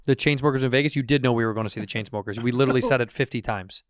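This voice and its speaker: A man's voice: mid-range voice, very fast, smooth, no echo, studio quality. A man co-hosting a casual comedy podcast, teasing his co-host and laughing often.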